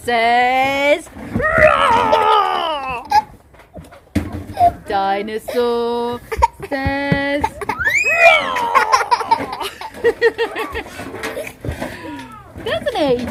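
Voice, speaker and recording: A high, lively woman's voice, chatty and sing-song as she vlogs and coos at small children. She talks in an unhurried way. The home video has a lot of background noise. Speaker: vlogger and mother. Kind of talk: casual vlog chat and baby talk. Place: back garden, outdoors.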